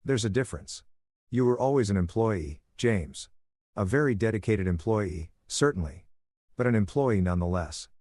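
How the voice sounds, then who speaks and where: A man voicing a sharp, cutting older woman executive in a read-aloud story. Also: on the low side, expressive, moderate pace, no room sound, studio quality, close to an everyday voice.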